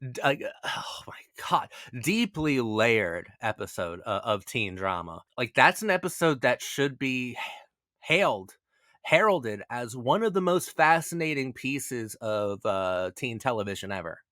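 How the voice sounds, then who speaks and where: A man of middle pitch talks through a casual video analysis with animated energy, restarting words as he stammers toward his point and swearing freely. The sound is close and dry, with no room behind him. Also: unhurried, no echo. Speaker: video essay host.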